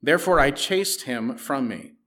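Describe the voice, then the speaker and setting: A man's voice: medium pitch, animated, moderate pace, sharp tone. A man giving a Bible teaching, reading scripture aloud and explaining it in a conversational way.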